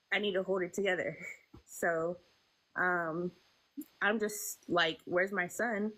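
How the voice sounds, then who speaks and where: A young woman telling a painful personal story as an interview guest, halting and emotional, with many fillers. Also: lowish voice, fairly bright tone, poor audio.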